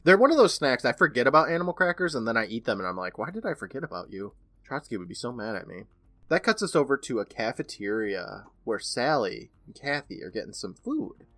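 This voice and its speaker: A man's voice: medium pitch, very animated, a little fast, a bit bright, dry recording, faint music behind. A man co-hosting a podcast, casually retelling an episode scene by scene and often turning to his co-host by name.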